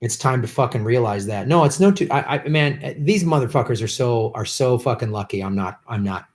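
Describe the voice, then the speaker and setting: A man's voice: medium pitch, expressive, fairly quick. A man hosting a political livestream, ranting angrily and profanely at politicians in an unscripted commentary. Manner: profane, shouting, bitter ranting.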